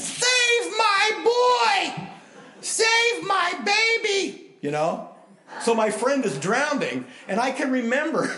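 A middle-aged man preaching a sermon in an echoey hall, his voice pitched a bit high for a man. He tells personal stories, rising to loud, animated bursts and dropping to hushed, earnest tones. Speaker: pastor.

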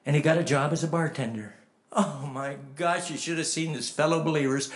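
A fairly high-voiced male preacher telling a sermon story. He drops to a hush, then turns emphatic, and puts pointed questions straight to his listeners. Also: a little fast. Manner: animated, swings from hushed to emphatic, asks the listeners direct questions.

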